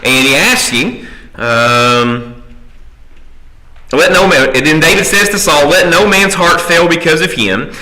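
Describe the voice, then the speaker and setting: A man teaches Sunday school in a church classroom, his voice sharp and forceful and sitting a bit high. He keeps checking in with the class. When he reads scripture he drops into a slow, careful pace. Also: low-quality recording. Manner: checks in with the class by asking "right?"; reads scripture aloud slowly. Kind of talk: conversational Bible class teaching.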